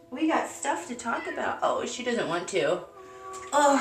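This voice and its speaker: Bubbly high-voiced woman live-streaming. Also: sing-song, moderate pace, echoey room, faint music behind, poor audio. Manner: bubbly, greets viewers by name, coos at her cat. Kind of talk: casual live-stream chat.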